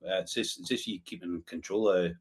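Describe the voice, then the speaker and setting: A man's voice: sits low, steady tone, brisk, a little hiss or hum. A man with a northern Scottish accent, hosting a podcast in casual, rambling chat with frequent laughs. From Scotland. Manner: chatty, rambling, laughs often, tag questions. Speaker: podcast host.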